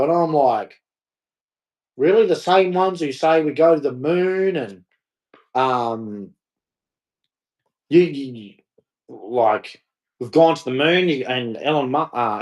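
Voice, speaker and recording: Guy ranting at the camera, kinda high voice, swings up and down a lot, mocking and scornful. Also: animated, a little slow, pauses often, a little mellow. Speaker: vlogger. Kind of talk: casual rant to camera.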